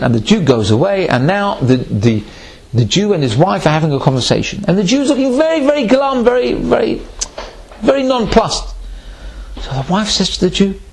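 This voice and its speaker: A man, a rabbi, giving a sermon and telling a parable with animated storytelling. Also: high voice, normal speed, vocal fry. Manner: animated storytelling, acts out voices.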